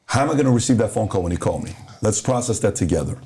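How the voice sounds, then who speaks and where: A man's voice: lowish voice, animated, very fast, warm tone. A man in casual motivational podcast talk, telling a hypothetical story and walking through his points one by one. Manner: conversational storyteller, spells out points as one, two, three. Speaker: podcast host.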